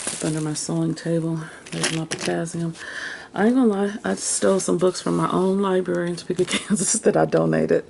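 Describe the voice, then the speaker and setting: Woman crafter, gravelly low voice, rambling home vlog chat, noisy room. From United States. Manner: chatty, talks to herself while rummaging, laughs often. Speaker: crafter and vlogger. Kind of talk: casual chat to viewers.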